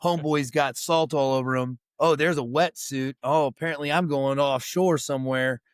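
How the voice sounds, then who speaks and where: A man's voice: mid-range voice, steady tone, moderate pace, clear, resonant tone, no room sound. A middle-aged man, a veteran who is the guest on a podcast, telling a story in casual chat, swearing freely and acting out the voices of people he quotes.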